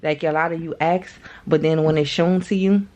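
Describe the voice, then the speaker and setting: A woman's voice: low voice, steady tone, moderate pace, background noise. A woman talks to her viewers in a loose, chatty way as she gives a spiritual card reading. She circles back and repeats phrases for emphasis. She speaks to them directly, as if across a kitchen table.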